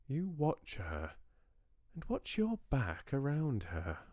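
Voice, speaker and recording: A man voicing a calm, elegant older grandmother with a soft southern drawl. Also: medium pitch, unhurried, no echo, studio quality, pitched above the performer's own voice. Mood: wry warning.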